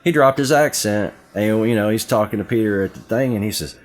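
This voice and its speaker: A man's voice: on the low side, brisk. A middle-aged man with a Southern US accent, co-hosting a podcast in casual chat and telling rambling stories full of asides. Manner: rambling, lively storytelling with many asides. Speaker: podcast co-host.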